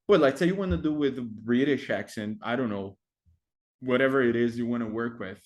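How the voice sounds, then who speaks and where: A man's voice: mid-range voice, fairly quick. Man, explaining lessons. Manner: hesitant, many fillers, frequent tag "right?". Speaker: English teacher trainer. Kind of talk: explaining classroom activities.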